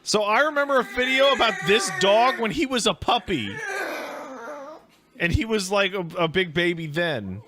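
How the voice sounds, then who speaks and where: A man hosting a casual reaction show, swearing freely, laughing loudly and rambling in asides. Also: sits high, lively intonation, moderate pace. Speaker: host reacting to videos.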